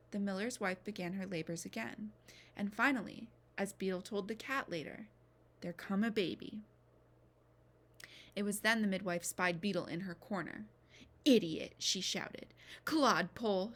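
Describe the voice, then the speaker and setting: Woman reading a novel aloud expressively. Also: mid-range voice. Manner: expressive, drops to a whisper at times. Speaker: reader.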